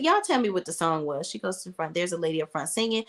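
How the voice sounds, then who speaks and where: A woman's voice: on the low side, fast talker, hardly any pauses. Woman recapping a tv show, voice swoops way up and down, acts out the lines. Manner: animated, exclaiming, acts out characters' lines. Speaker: TV recap host. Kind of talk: casual TV recap commentary.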